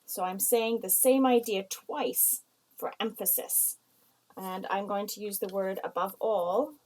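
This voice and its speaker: A woman from the United States teaching a writing lesson, explaining slowly and reading example sentences aloud. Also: medium pitch, fairly even intonation, a little mellow, rough recording.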